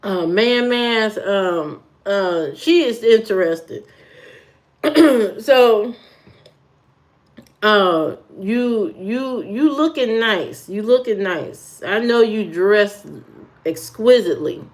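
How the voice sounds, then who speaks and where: A woman's voice: medium pitch, animated, drawn-out words. A woman hosting a live stream, chatting casually in a teasing way with lots of fillers and repeated phrases.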